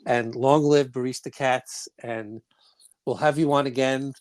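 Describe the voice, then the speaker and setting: A man's voice: medium pitch, fairly even intonation, measured pace, no room sound. A man from Brooklyn co-hosting a podcast in casual chat, rambling with many restarts and a jokey, irreverent manner. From Brooklyn, New York. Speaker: podcast co-host.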